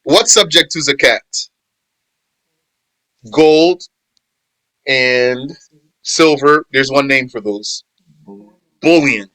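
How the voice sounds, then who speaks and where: A man's voice: medium pitch, extremely slow, long pauses, bright, forceful tone, dry recording, rough recording. A man teaching an informal class on Islamic law, quizzing his students, restating points and correcting phrasing as he goes. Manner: quizzes students and answers their replies. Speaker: religious teacher.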